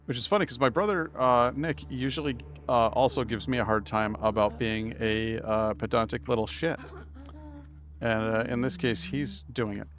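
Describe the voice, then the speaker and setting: Here a man from Massachusetts, New England accent and all, gives casual live commentary on a game he's streaming, chatty and rambling with self-deprecating asides. His mid-range voice is fairly bright, steady in tone, and moderately paced.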